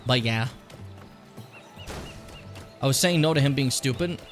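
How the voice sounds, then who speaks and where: A young man casually commenting on his gameplay, rambling and swearing, with sudden high excited yelps. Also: a little slow. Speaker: streamer. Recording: game music playing behind the voice.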